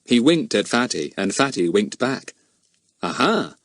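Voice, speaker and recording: A man narrating a children's storybook as an audiobook, expressive and measured. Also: medium pitch, dry recording, clean studio sound.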